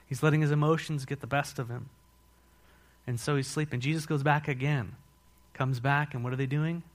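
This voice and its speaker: A male pastor preaching a sermon, telling the story with lively rhetorical questions. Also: medium pitch, moderate pace.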